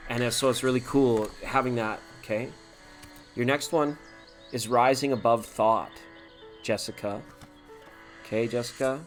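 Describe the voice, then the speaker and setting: Man, live tarot stream host, casual chatty talk, laughs a lot, mid-pitched voice. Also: steady tone, measured pace, pauses often, faint music behind. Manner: chatty, laughing, talks to viewers by name.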